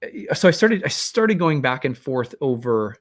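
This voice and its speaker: His mid-range voice swings widely in pitch while he keeps a moderate pace. The man hosts an astrology channel and, in a casual monologue, rambles candidly through a personal story, leaning on fillers and self-deprecating asides.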